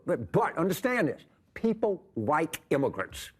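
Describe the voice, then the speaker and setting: A man's voice: fairly high pitch, very animated, unhurried, slightly rough. An older man arguing heatedly on a TV panel, emphatic and repetitive, often restarting his sentences. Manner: emphatic, repetitive, jumping between thoughts. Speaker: political commentator guest. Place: TV studio with audience.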